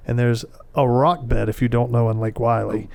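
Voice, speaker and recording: A man's voice: medium pitch, fairly even intonation, moderate pace, gravelly, a little mellow, dry recording. A middle-aged man, telling a story in casual podcast chat and acting out his own lines.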